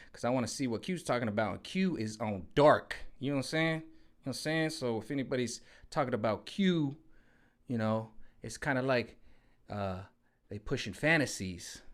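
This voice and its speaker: A man talks straight to his own mic in a hot room at home, sweating but pressing on. His rant is loose and slangy, and he keeps circling back to the same catchphrases. His pitch sits in the middle range. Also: a bit bright. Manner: rambling, slangy, repeats "you know what I'm saying". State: sweating in the heat. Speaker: vlogger. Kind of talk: casual political rant.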